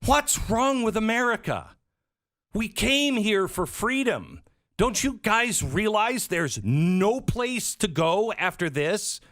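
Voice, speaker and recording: A man quoting an immigrant woman who fled oppression and is dismayed, pitching his voice up. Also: sing-song, slow pace, fairly bright tone, exaggerated voice. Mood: pleading.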